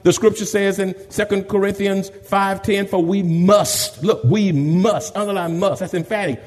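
Husky, fervent preaching man. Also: sits high, a little mellow, long reverb tail. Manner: rising to fervent, emphatic preaching with call-and-response. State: has a cold. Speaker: pastor. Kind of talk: sermon. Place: church sanctuary.

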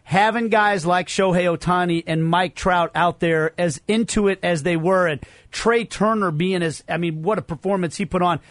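A man hosting a sports radio show, asking energetic, quick questions. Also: high-pitched, no echo.

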